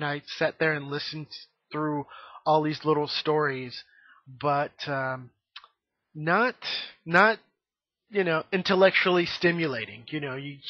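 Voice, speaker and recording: A man's voice: a little high, dry recording. A man in his thirties talking frankly to his camera in a rambling, casual monologue full of fillers. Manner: rambling, frank, many fillers and "you know". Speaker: vlogger. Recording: dry, dull lo-fi home recording.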